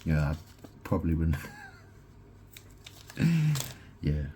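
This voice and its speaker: A solo vlogger records a rambling monologue in his own house, his voice rumbling low and slow with big swings in pitch and a dark tone. He meanders through wordplay and keeps tossing in "right?" asides. A little hiss or hum sits under the recording.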